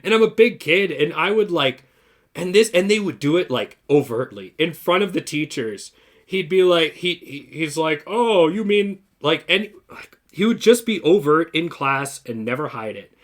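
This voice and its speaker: A man's voice: a little high, normal speed. A man co-hosting a casual talk show, telling a story with lots of swearing and acted-out quotes. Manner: profane, heavy swearing; lively anecdotal delivery with voiced-out quotes.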